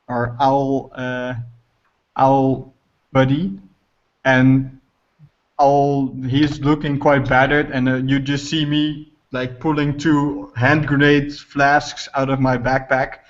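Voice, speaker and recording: A man playing a tabletop game, excitedly describing his character's actions and laughing often. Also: medium pitch. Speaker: player. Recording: muffled lo-fi audio.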